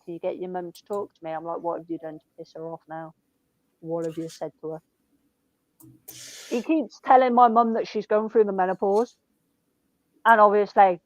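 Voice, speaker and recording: A woman's voice: lowish voice, dry recording, rough recording. A young woman in casual chat, telling rambling family stories full of swearing and "I'm like".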